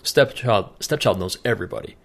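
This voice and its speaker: He's a co-host on a casual podcast, and his profane anecdotes come with impressions of everyone he quotes. The voice is on the low side, creaky and fairly bright, delivered briskly with lively intonation.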